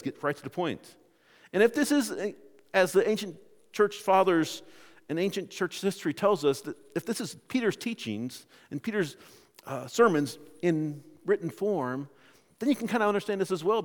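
A pastor with a fairly high-pitched voice preaches a sermon in a conversational, animated style, often restarting his phrases. The recording has a long reverb tail.

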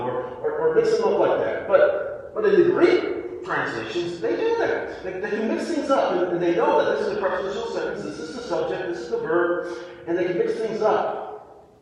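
Animated preacher in an echoey hall. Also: male voice, high-pitched, normal speed, slight background noise. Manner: animated teaching with frequent restarts and repeated words. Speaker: pastor. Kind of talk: sermon. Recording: echoey hall, voice from far off the mic.

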